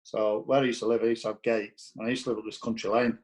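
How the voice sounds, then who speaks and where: A man with a somewhat low, level, slightly mellow voice talks fast on a rough recording. He's a former footballer on as a guest, telling blunt, profane anecdotes casually and acting out the dialogue he quotes.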